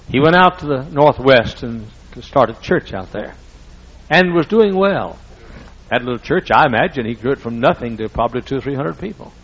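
A man's voice: mid-range voice, highs cut off. Preacher man telling stories from the pulpit. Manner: folksy storytelling with emphatic repetition. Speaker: pastor. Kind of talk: sermon.

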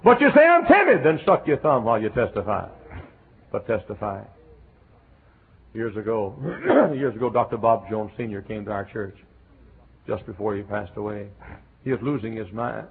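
A gravelly, husky male preacher from the American South delivers an emphatic revival sermon, swinging from quiet earnestness to fervent shouts. The recording is tinny and narrow, like an old tape heard over a phone line. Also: fairly low pitch. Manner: emphatic, preachy, shouting bursts, sings a hymn.

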